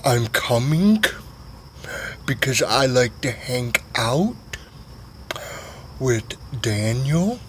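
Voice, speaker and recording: A man voicing a slow, dim-witted male fishing buddy who drawls simple, halting sentences. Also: medium pitch, big pitch swings, slight background noise. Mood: plodding.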